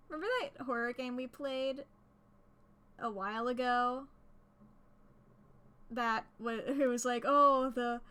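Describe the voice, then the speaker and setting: A high-pitched woman with wide pitch swings and a slightly bright tone talks slowly, leaving long pauses. Close to her desk mic, she streams a game and chats with viewers in a rambling, giggly way.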